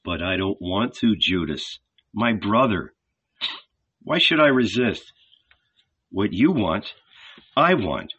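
A man voicing a gentle, resigned young man who speaks quietly and calmly. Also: lowish voice, slow, long pauses, slightly rough, heavily acted. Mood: pleading. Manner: quiet, soft-spoken.

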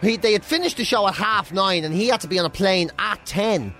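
A man co-hosting a radio show, his voice notably high for a man. He argues back with mock outrage and launches into anecdotes. Faint music plays beneath him. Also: lively intonation, brisk, bright, forceful tone. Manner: indignant, storytelling, exclaiming. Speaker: radio co-host. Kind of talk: casual radio banter.

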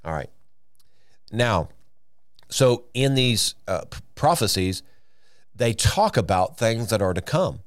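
A man with a somewhat low voice leads a Bible teaching on his podcast. He sounds earnest and emphatic, with plenty of fillers and self-corrections as he thinks aloud. The sound is dry and close, with no echo around him. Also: very animated, takes it slowly, long pauses.

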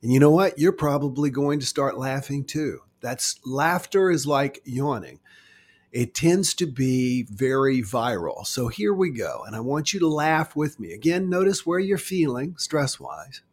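Slow, husky-voiced man coaching listeners. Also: mid-range voice. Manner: calm, coaching listeners through exercises. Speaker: wellness guide. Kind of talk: guided self-help talk.

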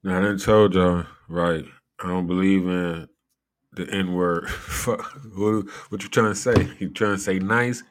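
Man rambling casual commentary, lowish voice. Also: fairly even intonation, slow. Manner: loose and rambling, laughing often and swearing freely. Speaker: commentary vlogger.

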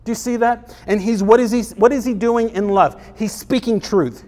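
Pastor, male, high voice, casual emphatic preaching style, rhetorical questions, long church-hall reverb. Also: normal speed, darkish tone. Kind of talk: sermon.

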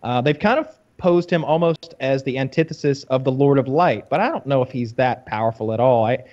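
A man's voice: medium pitch, fairly quick, a little mellow. Rambling man on a dull-sounding mic. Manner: rambling, self-interrupting explainer. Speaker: podcast co-host. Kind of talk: casual chat.

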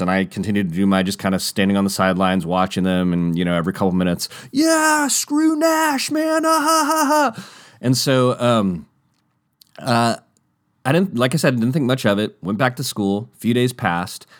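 Fairly quick and captured at studio quality with no room sound, a man rambles through a personal story. He plays the other characters' lines in raised, high voices, staying animated while restarting and filling pauses with fillers.

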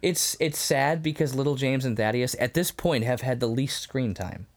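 A man co-hosting a podcast in a casual chat, animated and quick to laugh as he acts out scenes. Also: mid-range voice. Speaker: podcast co-host. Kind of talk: casual episode discussion.

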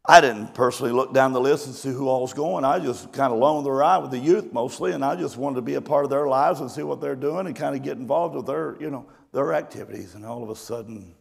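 A man's voice: mid-range voice, fast, creaky, hardly any pauses, slightly rough. A male pastor telling a folksy story in a conversational sermon. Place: church or camp meeting hall. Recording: long hall reverb.

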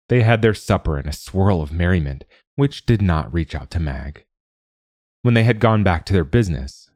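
A man narrates a fairy tale in a very deep, low voice. His reading is calm and even, and the recording is dry and close with no room echo. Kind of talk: scripted storybook narration.

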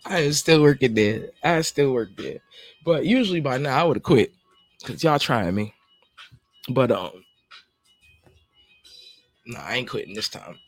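A man's voice: mid-range voice, no echo. A man, hosting his podcast in a casual monologue. He rambles, jokes and laughs as he talks. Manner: laughing, joking, rambling, lively. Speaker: podcast host.

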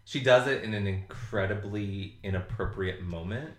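A man's voice: on the low side, normal speed. A man co-hosting a podcast, chatting casually and animatedly about a TV episode and laughing often. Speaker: podcast co-host. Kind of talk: casual chat recapping a TV episode. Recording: roomy echo.

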